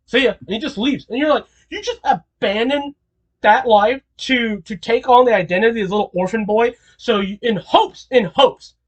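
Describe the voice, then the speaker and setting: A man delivers a casual commentary monologue in an animated, incredulous way. He rambles, restarts his sentences and repeats his questions as he talks. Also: very high voice, moderate pace. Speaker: video creator.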